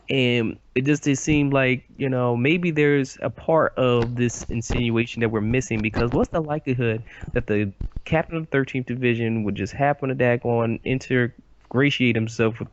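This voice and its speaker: Recorded on a computer mic over a voice call, a man co-hosts a podcast in a casual discussion, talking emphatically and rambling with lots of fillers. His voice is medium-pitched, and the audio is muffled with a little hiss or hum.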